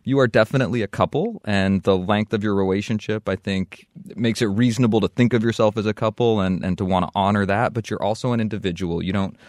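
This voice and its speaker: A man co-hosting a podcast, speaking in a measured, considerate way as he gives advice. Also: lowish voice, no room sound, clean studio sound. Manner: measured, warm advice-giving, reads show details. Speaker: podcast co-host. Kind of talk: casual podcast chat.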